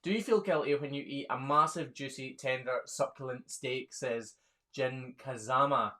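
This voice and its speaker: A man's voice: medium pitch, moderate pace, sharp tone. A man, a hoof trimmer chatting casually on a live stream, reading viewer questions aloud and laughing often. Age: 30s.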